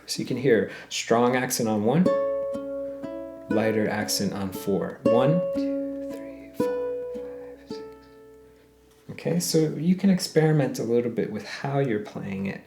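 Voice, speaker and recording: A man's voice: mid-range voice, animated, normal speed, vocal fry, over loud music. A man teaching a ukulele lesson step by step, counting beats aloud, humming the melody and calling viewers "guys". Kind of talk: friendly step-by-step music lesson. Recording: roomy echo with ukulele playing.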